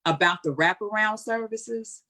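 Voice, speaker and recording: Speaking a little slowly in a mid-range voice, a female guest answers an interview question. She tells stories animatedly as she goes, sounding candid, colloquial, and heartfelt.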